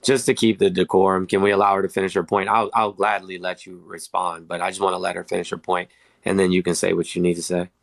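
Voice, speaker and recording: A man's voice: low-pitched, little pitch movement, fast, vocal fry, no echo. A man hosting a livestream, moderating politely and apologizing for interruptions. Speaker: live-stream host. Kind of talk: moderating a live-stream discussion.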